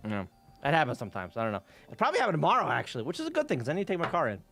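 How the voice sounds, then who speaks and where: A man streamer telling casual stories on a live stream, animated, swearing and laughing often. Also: on the high side, rapid-fire, gravelly, soft background music.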